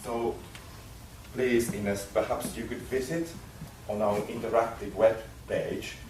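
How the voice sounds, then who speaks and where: A man acting in an improvised role play at a meeting, halting and restarting and laughing through his lines. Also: on the low side, fairly even intonation, darkish tone, a little hiss or hum. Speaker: workshop participant in a role play. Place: large meeting room with a live audience. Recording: roomy, distant mic with murmuring audience.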